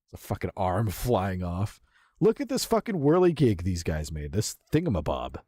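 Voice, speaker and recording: A young man streaming, giving casual reaction commentary, excitable and profane, laughing often. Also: deep voice, normal speed, no echo, studio quality.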